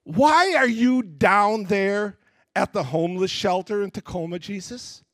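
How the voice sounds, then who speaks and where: A man's voice: high voice, measured pace, no echo. A male pastor preaching a sermon, telling Bible stories animatedly and acting out their scenes. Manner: animated storytelling, acts out scenes.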